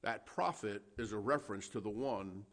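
A man's voice: lowish voice, moderate pace, fairly bright tone. Man preaching a conversational Bible sermon. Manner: conversational preaching, emphatic, reads scripture aloud. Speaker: pastor.

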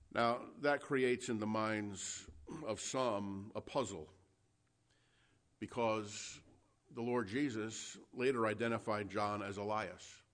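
A man delivers a sermon from the pulpit with an ordinary mid-range voice. His preaching is conversational and emphatic, and he reads scripture passages aloud between his remarks. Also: medium pitch. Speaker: pastor.

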